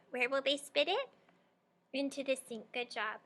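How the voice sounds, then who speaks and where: Bright-voiced woman teaching young readers. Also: high voice, a little slow. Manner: encouraging, prompting and praising students. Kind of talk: guided reading lesson for young children.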